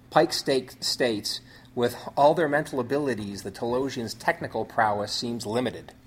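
A man hosting a show, reading out a story synopsis in measured phrases with small restarts. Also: mid-range voice, a little hiss or hum.

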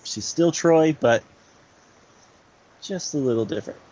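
A man co-hosting a podcast, talking in a relaxed, rambling way with many fillers. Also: a little high, unhurried, a little hiss or hum. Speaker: podcast co-host. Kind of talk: casual chat about comics. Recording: slightly dull lo-fi audio.

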